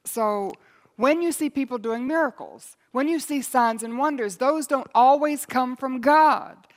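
A woman's voice: sits high, measured pace. A woman Bible teacher in a recorded teaching, earnest and urgent, building in intensity as she exhorts her listeners.

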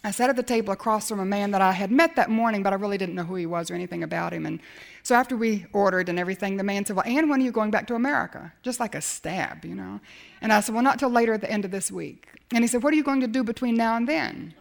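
A middle-aged woman preaching, telling a personal faith story with lively acted-out dialogue. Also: mid-range voice, fast talker, gravelly. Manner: animated storytelling, acts out dialogue. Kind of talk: sermon storytelling.

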